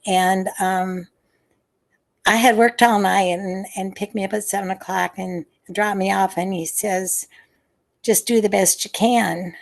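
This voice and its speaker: She's an older woman and retired nurse, recalling the past in a video-call interview. Her medium-pitched, creaky voice keeps a fairly even intonation at a slightly slow pace; she hesitates, restarts, uses many fillers and lets out soft sighs.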